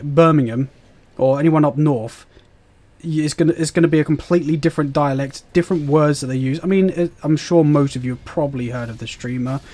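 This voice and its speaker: A man's voice: on the high side, warm tone. A British man streaming a game live, chatting and rambling as he answers his chat with fillers and laughs. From Britain. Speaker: gaming streamer.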